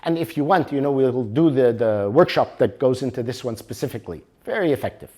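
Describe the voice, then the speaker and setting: A middle-aged man from Canada presenting a motivational workshop, telling a story in a lively way and acting out the dialogue. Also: medium pitch, brisk. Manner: animated storyteller, acts out dialogue.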